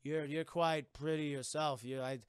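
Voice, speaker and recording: A man's voice: on the high side, fairly even intonation, moderate pace, smooth, no echo, studio quality, natural voice. A man voicing a drunk, swaggering male pirate captain with a slurred, rambling, theatrical delivery. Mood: flirty, toasting.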